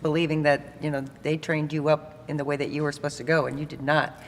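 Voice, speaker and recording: A woman's voice: deep voice, flat delivery, fast talker, a little hiss or hum. A woman hosting a talk show interview, sympathetic, with short reactions and follow-up questions. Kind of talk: casual interview. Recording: long hall reverb with faint ambience.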